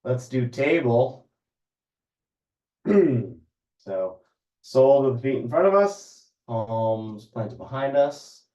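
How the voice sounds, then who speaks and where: A man leading a yoga class, giving calm, unhurried cues for stretches and breathing. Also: mid-range voice, reverberant, recorded from a distance, dull audio. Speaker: yoga instructor. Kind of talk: guided yoga class instruction.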